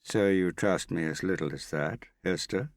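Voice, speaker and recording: A man playing a calm, evasive male schemer who deflects accusations patiently. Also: low-pitched, moderate pace, dry recording, clean studio sound. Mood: cool. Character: smooth evasive middle-aged male schemer.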